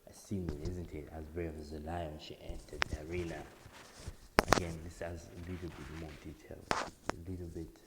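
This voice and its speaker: A man's voice: low voice, background noise. A man teaching a writing lesson, explaining step by step and repeating words for emphasis. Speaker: English teacher. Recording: echoey room with long reverb.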